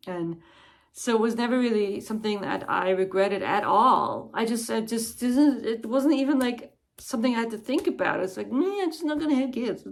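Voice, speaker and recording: A woman's voice: medium pitch, gravelly. A woman chatting casually as a book vlogger, in a thoughtful, digressive way. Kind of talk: casual chat.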